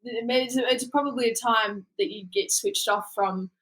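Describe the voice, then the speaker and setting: A young woman with an Australian accent speaks in a relaxed, conversational way. She trails off into fillers and laughs easily, like a guest at ease on a podcast. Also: a little high, a little slow, rough recording. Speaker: guest boxer. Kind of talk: casual interview chat.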